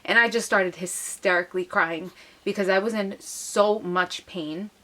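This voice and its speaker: A woman's voice: mid-range voice, fairly even intonation, unhurried, sharp tone. A young woman vlogger, emotionally retelling a personal story to camera. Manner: emotional, retelling with acted quotes.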